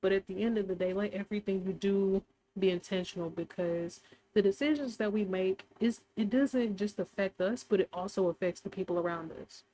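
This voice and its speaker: A woman's voice: medium pitch, brisk, dark tone. A woman hosting a casual faith podcast, talking in a rambling, unscripted way and sometimes giggling. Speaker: podcast host.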